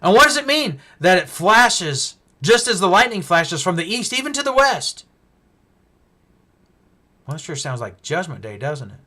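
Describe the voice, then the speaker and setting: Bright, high-voiced emphatic male preacher. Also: big pitch swings, moderate pace. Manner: emphatic, with rhetorical questions, swinging from loud to hushed. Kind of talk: sermon-style Bible teaching.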